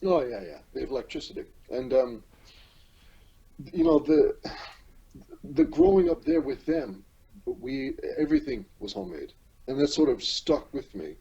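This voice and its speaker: Halting, rambling man from newfoundland. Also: a little high, wildly swooping pitch, gravelly, dark tone, husky, highs cut off. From Newfoundland and Labrador, Canada. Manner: rambling, halting, many restarts. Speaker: podcast host. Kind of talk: casual chat.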